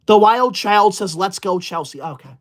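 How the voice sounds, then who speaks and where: A woman's voice: mid-range voice, animated, normal speed, a little hiss or hum. A woman livestreamer chatting with viewers, scolding them in a mock-indignant, theatrical huff.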